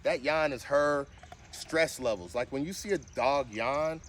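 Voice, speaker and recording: Filming a casual vlog, a man trains his service dog, alternating firm short commands and high sing-song cues with chatty explanations. His voice is unhurried and fairly bright, with slight background noise.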